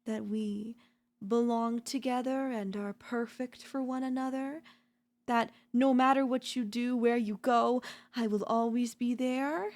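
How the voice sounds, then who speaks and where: A woman voicing a possessive, doting yandere girlfriend in a whispered role-play, talking softly and slowly at a close mic. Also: fairly high pitch, fairly even intonation. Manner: soft, possessive, doting, slow and lingering. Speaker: voice actor.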